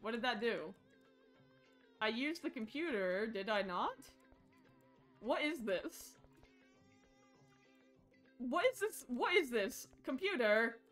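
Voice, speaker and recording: Young woman gamer talking to herself on stream, swoops all over her range, loud yelps at jump scares. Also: a little high, slow pace, long pauses, soft background music. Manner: excitable, shrieks and laughs when startled, jokey self-talk. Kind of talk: live horror game commentary.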